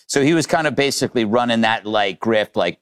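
A man's voice: medium pitch, brisk, clean tone. A man hosting a talk show panel, teasing the guests in joking banter. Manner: teasing, mock-outraged.

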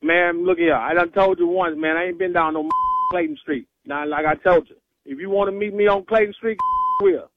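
A man's voice: sits high, normal speed, no echo. Laughing, dismissive man on a lo-fi phone line. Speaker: prank call target. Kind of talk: phone argument.

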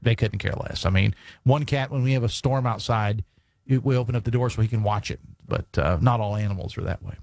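A man's voice: fairly low pitch, a little fast, vocal fry, a little mellow, no room sound. A man hosting a call-in radio talk show, chatting casually and reading listener texts with lots of fillers. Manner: conversational, reads listener texts, many fillers. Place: radio studio. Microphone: studio broadcast mic.

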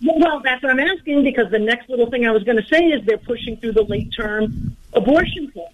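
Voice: medium pitch, brisk. A caller on a radio show, casually asking the host questions. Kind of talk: call-in question. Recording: dull phone line.

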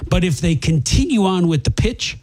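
A middle-aged man chats loosely and tells a story, acting out the people in it and laughing along the way. His voice sits a bit high for a man, with a slight huskiness, and it swoops through a lively range. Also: moderate pace. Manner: animated storyteller, laughs, acts out quotes. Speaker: guest telling a story. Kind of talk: casual chat.

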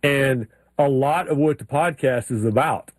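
A man co-hosting a sports show, telling animated stories in casual chat. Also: mid-range voice, a little slow, no echo. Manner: animated storyteller, mimics drawls in anecdotes. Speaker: sports radio co-host.

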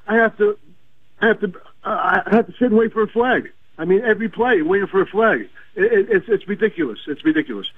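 A man in his sixties with a New York accent calls in over a thin, tinny phone line. He sounds indignant and keeps repeating himself. His voice is high for a man and dry. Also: no room sound. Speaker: caller. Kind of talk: call-in complaint.

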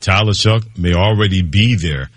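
Male sports radio host, low and dry, relaxed and playful with callers. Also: moderate pace, dry recording. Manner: easygoing, playful, laughs along. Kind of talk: sports talk radio hosting.

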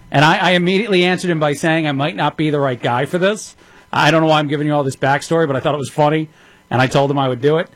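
A man's voice: a little high, fairly even intonation, fast, no room sound. A man in his thirties hosting a talk radio show, chatty and self-deprecating, with many fillers. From Texas. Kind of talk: casual talk radio monologue.

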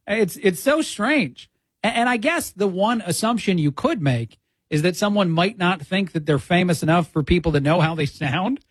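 A man's voice: sits high, lively intonation, moderate pace, husky, dry recording. A man filling in as a radio host, giving opinionated commentary with frequent "uh" fillers into a studio mic.

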